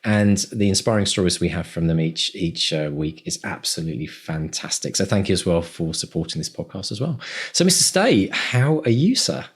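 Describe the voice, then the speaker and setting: A man's voice: sits low, animated, normal speed, husky. A man co-hosting a podcast, talking in an effusive, rambling, grateful way. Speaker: podcast co-host. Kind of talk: casual podcast chat.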